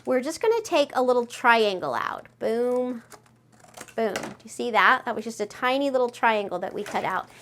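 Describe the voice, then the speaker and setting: A woman with a slightly high voice walks through a craft project step by step. She talks in a chatty, friendly way and gushes with excitement as she works. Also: moderate pace, a little hiss or hum. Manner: gushing, excitable. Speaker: craft tutorial host.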